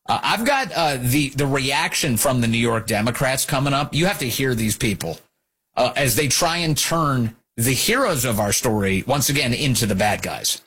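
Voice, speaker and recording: A lively man hosts a political talk show, mocking the people he talks about. His voice is bright and forward with a husky edge. He swings his pitch widely as he makes his points. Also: normal speed. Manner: animated, mocking, acts out quotes. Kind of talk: opinionated political commentary.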